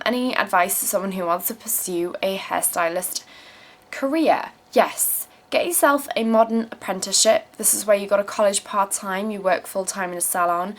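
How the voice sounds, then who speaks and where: Blunt, sweary young woman from South Africa. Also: mid-range voice. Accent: South African mixed with English. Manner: blunt and sweary, reads questions aloud then answers; emphatic repeated phrases when giving advice. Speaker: vlogger answering viewer questions. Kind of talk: casual Q&A vlog.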